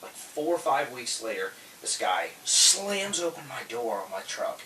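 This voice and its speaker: A man casually telling stories on a podcast, acting out quoted people with loud, animated bursts. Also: mid-range voice, unhurried. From Florida. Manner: animated, acts out quotes loudly. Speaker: podcast host, tool truck dealer. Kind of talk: casual storytelling chat. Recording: echoey room, distant mic, faint hiss.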